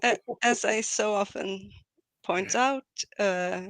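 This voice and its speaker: A woman's voice: medium pitch, takes it slowly, a bit bright, no room sound. A woman in casual chat, wry and joking, laughing often. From Sweden.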